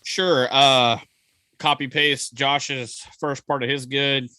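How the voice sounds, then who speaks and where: A man's voice: mid-range voice, level tone, slow, sharp tone, no echo. A man, co-hosting a casual movie review podcast and rambling with jokes and fillers. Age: 40s. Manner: rambling, jokey, many ums and uhs. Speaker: podcast co-host.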